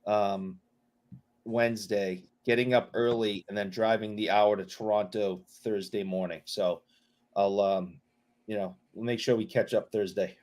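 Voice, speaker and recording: A man's voice: fairly low pitch, steady tone, unhurried, darkish tone. Joking man co-hosting a podcast. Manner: joking, banters. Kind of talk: casual chat.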